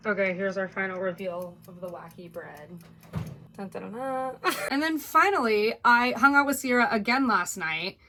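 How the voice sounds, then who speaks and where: A young woman talking casually to a phone camera in her home kitchen, chatty and excitable, often laughing. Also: medium pitch, slight background noise. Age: young adult. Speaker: vlogger. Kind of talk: casual vlog chat.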